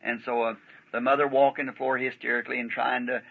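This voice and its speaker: A man's voice: medium pitch, flat delivery, fast, creaky, breathy edge. A man preaching a sermon, telling a story in a folksy, rambling way and often breaking in with "see?". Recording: dull lo-fi archival sermon tape.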